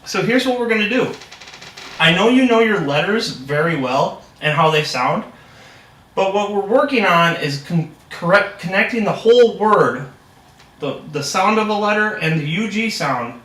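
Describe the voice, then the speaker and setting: High-pitched, upbeat young man tutoring. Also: lively intonation, moderate pace, a bit bright. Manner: upbeat and encouraging, heavy praise. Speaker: reading tutor. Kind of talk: practice lesson role-play. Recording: echoey room, distant mic.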